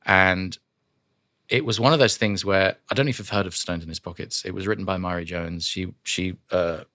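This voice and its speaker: A man, a voice actor, telling lively stories from his career in a casual studio chat, acting out voices as he goes. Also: low-pitched, moderate pace, no echo. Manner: animated, acts out voices and shouts in his stories. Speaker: voice actor guest. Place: podcast studio.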